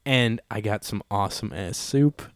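A man's voice: lowish voice, moderate pace, no room sound, clean studio sound. A man hosting a podcast in casual chat, laid-back and rambling, swearing often. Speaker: podcast host.

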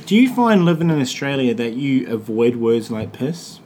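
A man's voice: mid-range voice, sing-song, moderate pace, darkish tone, slight background noise. A man with a New Zealand accent, hosting a casual podcast chat, crude and joking, swearing freely. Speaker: podcast host.

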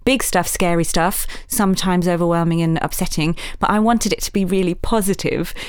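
A woman's voice: on the low side, fairly even intonation, fairly quick, clear, resonant tone, no room sound, studio quality. A woman from Yorkshire, an author and journalist, talks earnestly about activism in an interview, with self-mocking asides. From Yorkshire, England. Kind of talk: conversational interview.

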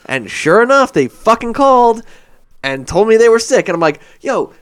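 Animated, swearing man in casual chat. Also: high-pitched, moderate pace, clear, resonant tone. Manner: animated storyteller, swears freely.

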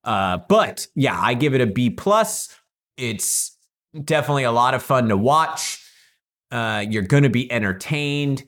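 A man co-hosting a film review podcast, chatting casually and relaxed, with frequent filler words. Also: medium pitch, measured pace. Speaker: podcast co-host.

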